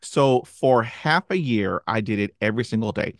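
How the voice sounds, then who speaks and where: A man with a stutter who hosts, talking in a halting, earnest way with many fillers. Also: on the low side, expressive, no echo, clean studio sound. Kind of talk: casual chat.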